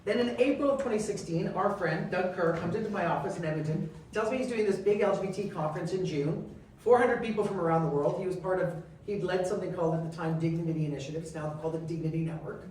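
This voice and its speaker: A man's voice: high-pitched, quick pace. Man telling stories in an echoey hall. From Canada. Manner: animated, acts out quoted dialogue. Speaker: guest speaker, member of parliament. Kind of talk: storytelling talk. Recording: echoey and distant, faint noise.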